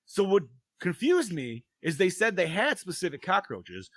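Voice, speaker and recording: A man's voice: high-pitched, sing-song, moderate pace, no room sound. A man hosting a casual film review podcast. He swears freely, giggles often and keeps losing his place. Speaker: podcast host.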